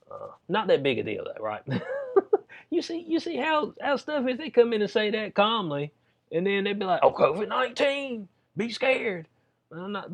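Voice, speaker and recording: Slangy joking man, dull lo-fi audio. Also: fairly high pitch. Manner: slangy, joking, reads news aloud and riffs on it. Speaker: commentator. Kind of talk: casual news commentary.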